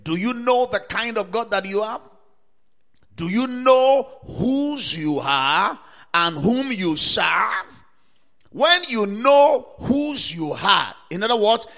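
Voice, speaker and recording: A man preaching a sermon to listeners, asking rhetorical questions again and again, citing scripture verses and building up to emphatic shouts. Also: high-pitched. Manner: quotes and cites scripture verses. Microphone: recorded for broadcast to listeners or viewers.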